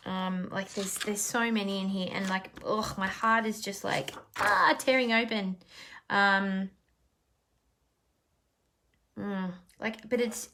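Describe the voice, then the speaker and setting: A woman's voice: on the high side, a bit bright. A woman life coach talking live to her followers, heartfelt and rambling, with many fillers and restarts. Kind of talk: emotional live talk to followers.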